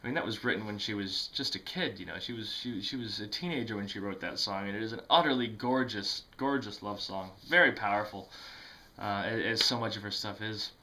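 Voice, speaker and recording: Rambling man with a bright voice. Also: lowish voice, a little fast, a little hiss or hum. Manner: rambling, many fillers and restarts, self-deprecating laughs. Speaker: music vlogger. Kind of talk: casual talk to camera.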